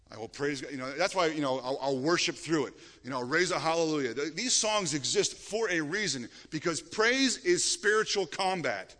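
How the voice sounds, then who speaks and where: A middle-aged man preaches with animated, emphatic swells and many restarts. His voice is bright and sits on the higher side. The sound carries the long reverb of a church sanctuary. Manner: animated, rising to emphatic peaks, frequent restarts. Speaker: pastor. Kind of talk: sermon.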